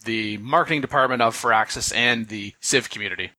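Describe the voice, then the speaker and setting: A man hosting a podcast, reading out notes and commenting on them in a measured, wry way. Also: mid-range voice, pushed and bright, no echo. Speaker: podcast host. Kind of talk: casual game discussion.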